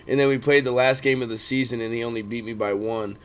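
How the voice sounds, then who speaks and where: Profane, animated man co-hosting a chat show. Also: mid-range voice, fast talker, clear, resonant tone. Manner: profane, animated, keeps complaining he yawns. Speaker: podcast co-host. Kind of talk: casual chat.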